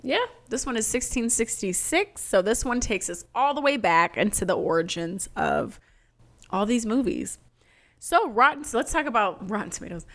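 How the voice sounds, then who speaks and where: Young woman, review co-host, casual chat, playful, quick reactions. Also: a little high, a bit bright. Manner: quick joking reactions, reads out review scores.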